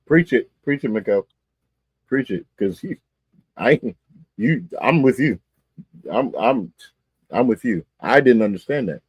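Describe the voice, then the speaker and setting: A man co-hosts a live sports talk stream, emphatic and colloquial, hammering points home by repeating them. His voice is mid-pitched with a husky, slightly raspy edge. The sound is dry and close to the mic. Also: lively intonation, measured pace, long pauses, no room sound.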